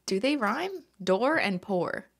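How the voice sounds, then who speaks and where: A woman with a Canadian accent co-hosting a podcast, chatty and giggly, thinking out loud. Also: a little high, very animated, slow pace, gravelly. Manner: chatty, giggly, musing aloud. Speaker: podcast co-host. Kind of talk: casual chat.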